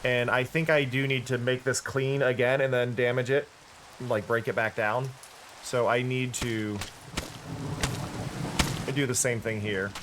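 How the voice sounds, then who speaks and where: A man's voice: medium pitch, flat delivery, measured pace, long pauses, background noise. A tired-sounding man streaming a game, thinking aloud in casual commentary with frequent restarts. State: tired, yawning.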